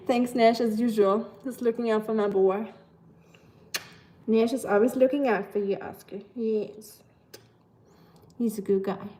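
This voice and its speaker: A woman's voice: fairly high pitch, fairly even intonation, takes it slowly, pauses often, dark tone. A woman from Germany, chatting casually on a live stream, reading out viewer comments and filling her talk with "like". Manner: chatty, reads viewer comments aloud, heavy use of "like".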